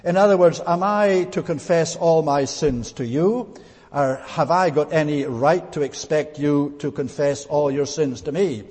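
A man with a slightly raised pitch and a husky edge preaches a verse-by-verse sermon. He explains each point in a deliberate, teacherly way and pauses often on small fillers. His voice carries a long reverb from a church hall. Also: a little mellow. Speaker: pastor. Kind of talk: expository Bible sermon.

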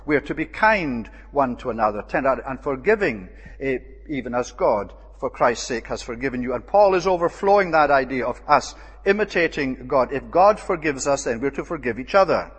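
A man preaching a measured expository Bible sermon, pausing often with "uh" as he explains a passage. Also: mid-range voice, expressive, a bit bright, breathy edge. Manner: measured, with frequent "uh" pauses. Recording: long reverb of a hall.

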